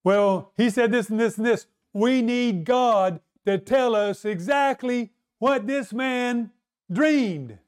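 A devout young man in desperate need, urging his friends to pray, put on by a preacher in a high voice. He speaks with pressing urgency. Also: takes it slowly, clean tone. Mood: pleading. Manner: urgent, pleading.

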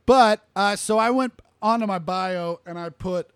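A man's voice: sits high, unhurried, fairly bright tone, clean tone, no room sound. A man co-hosting a comedy podcast, chatting casually, loose and profane, laughing often. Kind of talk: casual chat.

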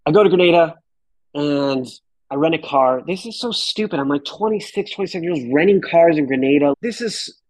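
A man in his thirties, a podcast guest, telling a wild travel story in an animated, casual way and swearing freely. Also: on the high side, brisk, no echo, poor audio.

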